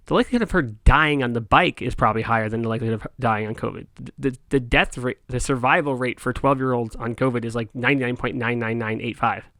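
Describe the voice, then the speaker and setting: A man's voice: mid-range voice, fast talker, hardly any pauses, fairly bright tone, no room sound, clean studio sound. A middle-aged man vlogging, telling a story in a heated, exasperated rant with frequent restarts. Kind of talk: casual rant to camera.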